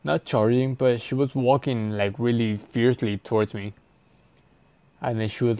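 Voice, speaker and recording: A man's voice: mid-range voice, fairly even intonation, normal speed, dry recording, lo-fi sound. Rambling, profane young man telling a story. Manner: rambling and profane, full of "like" fillers and restarts. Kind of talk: casual storytime.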